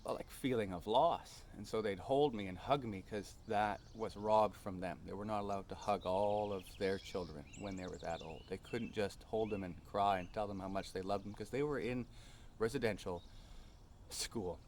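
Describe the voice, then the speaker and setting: A man's voice: fairly low pitch, moderate pace, a little mellow. Male vlogger, earnest, rambling personal storyteller, outdoor feel with faint background noise. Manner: earnest, rambling, many fillers.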